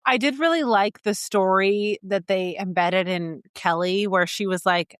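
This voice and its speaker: A woman's voice: medium pitch, measured pace, smooth, dry recording, clean studio sound. A woman co-hosting a podcast, chatting casually about a holiday movie, laughing often and acting out lines from scenes. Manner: animated, laughs often, acts out quotes from scenes. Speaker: podcast co-host. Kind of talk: casual movie review chat.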